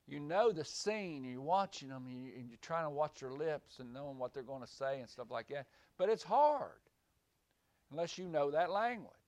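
A man's voice: a little high, a little fast, few pauses, dry recording. A man preaching to a small group in a room, rambling and repeating words, then rising to emphatic points. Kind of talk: small-group Bible teaching. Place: small room with a few listeners.

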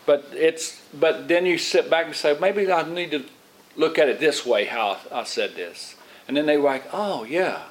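A middle-aged man preaching an informal Bible lesson in a slightly higher-pitched voice. He rambles, restarts his sentences and repeats words, and he often acts out other people's lines as he goes. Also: lively intonation, moderate pace, low-quality recording. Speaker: lay preacher, Bible teacher. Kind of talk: informal sermon.

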